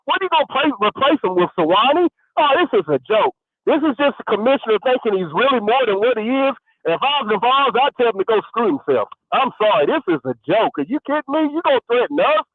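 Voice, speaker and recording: A man calls in and vents hard, his voice unusually high. He sounds heated and animated throughout. The sound comes through a tinny, dry phone line. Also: quick pace, hardly any pauses, no room sound. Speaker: caller. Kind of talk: call-in rant on sports radio.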